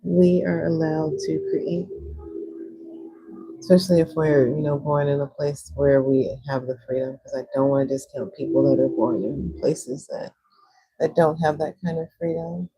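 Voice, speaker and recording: A young woman hosting a livestream, chatting casually while swatching watercolors and answering viewers' comments, with animated jumps into high excitement. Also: normal speed, a little hiss or hum, rough recording. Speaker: livestream host.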